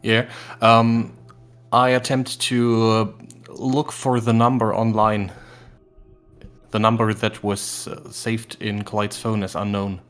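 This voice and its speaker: A man playing a tabletop game, asking unhurried, tentative questions. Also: on the low side, level tone, fairly bright tone, clear, resonant tone, soft background music. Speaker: player.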